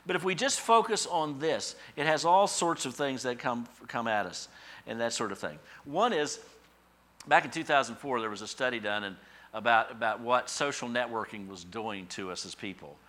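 A male pastor delivers a sermon in a chatty, anecdotal style, now and then acting out voices in his asides. His voice is bright and forward, pitched in an ordinary middle range. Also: lively intonation, normal speed. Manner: conversational storytelling, acts out voices in asides.

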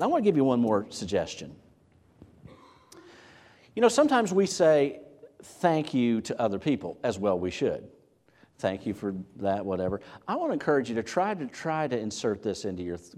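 A man with a medium-pitched voice preaches a sermon as a pastor. He's animated, asking rhetorical questions and repeating words as he builds his point.

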